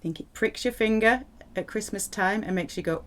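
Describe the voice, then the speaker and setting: A woman teaching a French language lesson, clear and playful as she explains vocabulary. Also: medium pitch, normal speed. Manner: lively, clear teaching delivery with playful asides.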